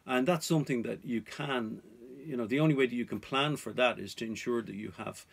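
A man's voice: medium pitch, fairly quick, vocal fry, slightly rough. A man vlogging about off-grid life, talking to viewers in an earnest, cautionary way. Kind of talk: casual advice to viewers.

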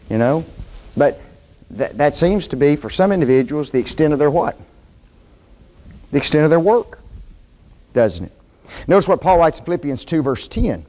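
A man teaching a Bible class sermon in a church, folksy and animated, often asking the class questions. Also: on the high side. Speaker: preacher.

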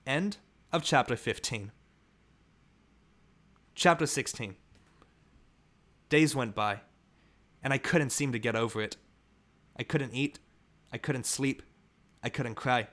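A man reading a novel aloud as an audiobook, in measured, earnest storytelling. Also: mid-range voice, a bit bright. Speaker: audiobook reader. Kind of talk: scripted narration of a novel.

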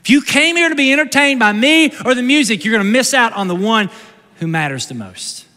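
A male pastor preaching a conversational sermon, moving from loud bursts to hushed, slow lines, recorded live in a church sanctuary. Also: very high-pitched, lively intonation, long reverb tail.

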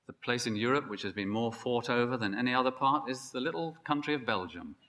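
A man preaching a sermon, emphatic and building to excited peaks. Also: mid-range voice, fairly quick. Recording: long hall reverb.

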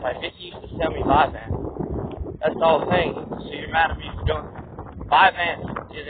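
High-voiced man ranting angrily, tinny wind-blown audio. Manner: angry, profane, rambling rant. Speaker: vlogger. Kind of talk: ranting monologue to camera.

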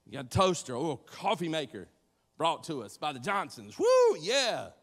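A man preaches to his congregation in a lively, conversational way, joking and acting out the people in his story. His voice sits a bit high for a man. It rings out with a long reverb from the church hall. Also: a little fast. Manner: animated, conversational, acts out voices and jokes with the congregation. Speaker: pastor. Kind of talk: sermon.

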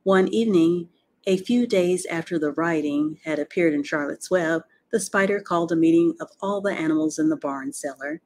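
A woman reading a children's novel aloud as an audiobook, in a slow and deliberate way. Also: deep voice, a little mellow. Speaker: audiobook reader. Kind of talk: storybook narration.

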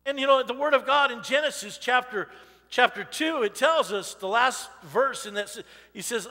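A man in his fifties preaches in a high, ringing voice. His sermon is chatty and personal, full of "you know" asides, and his words echo with a long reverb through the church sanctuary. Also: expressive, normal speed, pushed and bright. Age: 50s. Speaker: pastor. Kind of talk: conversational sermon.

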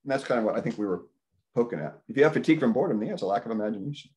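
A man in his fifties giving a rambling, casual talk at a community dinner, telling stories and acting out his own thoughts. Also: rapid-fire. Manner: animated storytelling, acts out his own thoughts in higher voice. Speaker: health practitioner speaking at a community dinner. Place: indoor community dinner gathering.

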